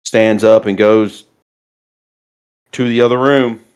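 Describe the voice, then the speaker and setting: A man narrating a tabletop role-playing game as game master, in a halting way with pauses and fillers. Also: lowish voice, fairly even intonation, darkish tone, clean tone.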